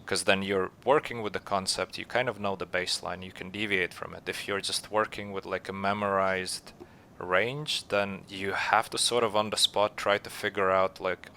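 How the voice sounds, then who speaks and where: A man hosting a casual poker chat, animated and teasing, laughing often. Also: low voice, moderate pace, slight background noise. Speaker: podcast host.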